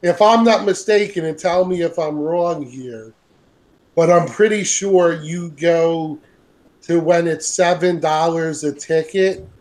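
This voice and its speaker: A man's voice: fairly high pitch, takes it slowly, darkish tone. Laid-back male podcast host, casual chat. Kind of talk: casual panel chat over an online call.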